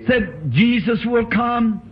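High-voiced man preaching fervently, slow. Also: lively intonation. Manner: fervent, emotional storytelling. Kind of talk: sermon. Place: church tabernacle. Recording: dull lo-fi old tape recording.

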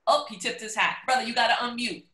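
A woman's voice: fairly high pitch, fast, bright, forceful tone, echoey room, rough recording. A woman hosting a virtual showcase, introducing speakers in an upbeat, encouraging way over a video call. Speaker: event host.

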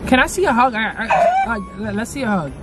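Here is a young man cracking jokes from inside a car, his voice rising and falling with lively swings. He stammers and repeats himself as he eggs on the others, and loud traffic and engine noise sit behind him. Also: very high-pitched, fairly quick. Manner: teasing, repeats words, stammers. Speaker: prank video host. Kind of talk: joking street prank banter. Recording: noisy car recording.

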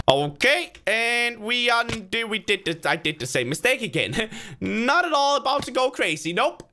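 A man giving casual let's-play commentary, excitable, talking to himself and cheering himself on, with sudden loud bursts of frustration and joy. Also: very high voice, unhurried, music in the background. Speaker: gaming video creator.

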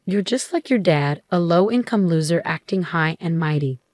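Brief: woman narrator voicing a bossy, scornful mother in a storybook, lower voice, dry sound. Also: expressive, moderate pace, a little mellow, no echo, lightly acted. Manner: scornful, demanding. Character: condescending overbearing middle-aged mother.

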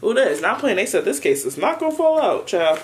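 A woman's voice: medium pitch, brisk, background noise. Young woman vlogging an unboxing, chatty and hyped, talks right to her viewers. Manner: chatty and excitable, playful slang. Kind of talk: casual unboxing vlog.

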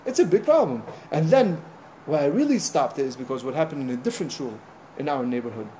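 Speaking fast in a higher-pitched voice, a male rabbi delivers an informal sermon made of stories, acting out conversations and sprinkling in lots of "you know" asides. There's a slight hiss or hum in the audio.

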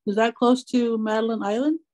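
A woman's voice: a little high, steady tone, fairly quick, a little mellow, rough recording. A woman student in an online language class, hesitant and apologetic when unsure. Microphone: video call.

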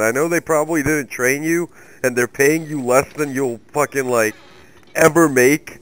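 A man's voice: a little high, fairly even intonation, moderate pace, a bit bright, clean tone, low-quality recording. A young man hosting a let's play, giving angry, profane, rambling commentary while he plays. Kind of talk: profane gaming commentary rant.

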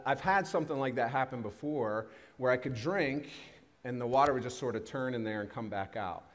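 A man in his thirties preaches from the pulpit, spinning a personal story with self-deprecating humor before turning it to faith. His voice sits at a middle pitch. The sound rings with the long reverb of a large church hall. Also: expressive, fairly quick. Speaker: pastor. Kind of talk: sermon. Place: church sanctuary.

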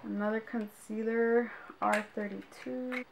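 Young woman beauty vlogger, kinda high voice, gushy and exclaiming at her viewers. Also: steady tone, a little slow. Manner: gushing, exclamatory, talks to viewers. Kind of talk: casual unboxing vlog. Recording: clear background noise.

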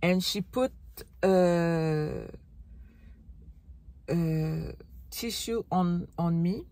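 Slow, halting woman telling her story. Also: on the low side, mellow. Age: middle-aged. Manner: halting, searching for words, many restarts. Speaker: vlogger. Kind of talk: personal recovery vlog.

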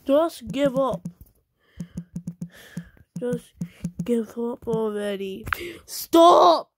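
A woman's voice: on the high side, slow pace, a little mellow, dry recording. A young woman ranting angrily at another video maker, scolding and repeating herself. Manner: angry, repetitive, scolding. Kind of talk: angry rant at the camera.

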